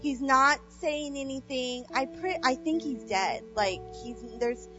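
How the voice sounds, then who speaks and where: A woman telling a personal faith story in an animated way, acting out quoted speech and using many fillers. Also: high voice, measured pace, lo-fi sound, soft background music. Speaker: guest sharing a faith testimony.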